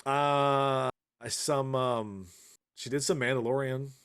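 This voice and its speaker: A man with a mid-pitched voice co-hosts a podcast, telling animated stories and swearing freely as he goes. His talk is casual and loose. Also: takes it slowly, clean tone. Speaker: podcast co-host. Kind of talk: casual chat.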